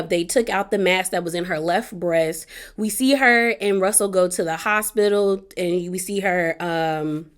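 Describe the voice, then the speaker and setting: A woman recapping a reality show in a casual, rambling vlog, with lots of fillers and restarts and heartfelt personal asides. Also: mid-range voice.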